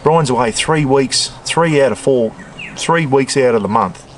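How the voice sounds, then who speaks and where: A man's voice: mid-range voice, measured pace, slight background noise. A retired Australian man in his sixties, rambling casually and saying "bloody" often as he cooks on a camp stove outdoors. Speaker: cooking vlogger.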